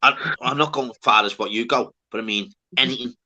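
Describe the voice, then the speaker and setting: Northern English man, livestream host, casual sweary banter, bright and forward tone. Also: mid-range voice, fairly even intonation, fast, dull audio. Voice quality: sweary, rambling, laddish banter. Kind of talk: casual chat.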